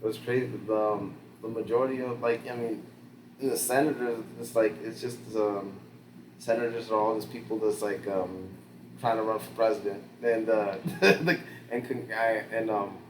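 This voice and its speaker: A man's voice: fairly low pitch, moderate pace. A man co-hosting a podcast, chatting casually about politics and telling stories with lots of quoted voices and laughter. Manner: animated storyteller, jumps into quoted voices, laughs often. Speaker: podcast co-host. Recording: roomy with faint background noise.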